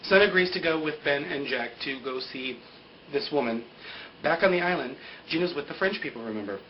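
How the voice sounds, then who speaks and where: A man's voice: on the high side, fairly quick, a little hiss or hum. Chatty young man, dull lo-fi audio. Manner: rambling and animated, with lots of "like". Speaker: vlogger recapping a TV episode. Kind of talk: casual spoken recap. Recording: dull lo-fi home recording.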